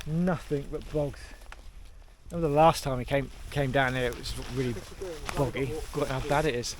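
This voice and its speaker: A man with a mid-range, steady voice vlogs casually while hiking on a windy hillside, briskly talking through the route and his gear. He is chatty and jokey and thinks aloud as he walks, with background noise audible.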